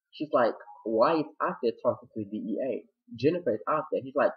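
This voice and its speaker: A man talks fast and loose about last night's episode, jumping into the characters' lines with dramatic asides. His voice is a little husky and the recording sounds dull and lo-fi. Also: mid-range voice. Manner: excitable, chatty, retells scenes with dramatic quoted asides. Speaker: TV episode reviewer. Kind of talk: casual recap vlog.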